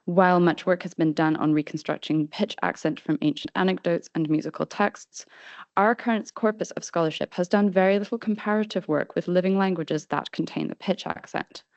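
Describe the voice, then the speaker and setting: A woman's voice: fairly low pitch, fairly even intonation, darkish tone, no echo. Woman reading a formal academic paper. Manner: formal, measured delivery with brief slide-control asides. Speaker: conference presenter. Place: conference hall. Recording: dull, slightly lo-fi sound.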